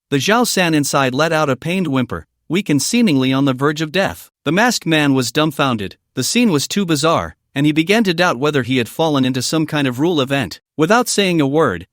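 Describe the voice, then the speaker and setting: A man narrating a comic recap in a steady, scripted storytelling read. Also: a little high, normal speed, hardly any pauses, no room sound, clean studio sound.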